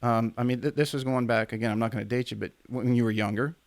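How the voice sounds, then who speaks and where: A man's voice: medium pitch, fairly even intonation, quick pace, dry recording. A man hosting an interview podcast, asking long questions with hesitant restarts and repeated words. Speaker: podcast host.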